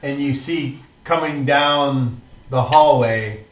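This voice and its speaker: A man narrating as game master for a tabletop game, in a relaxed, hesitant way. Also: mid-range voice, takes it slowly. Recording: roomy echo, distant mic.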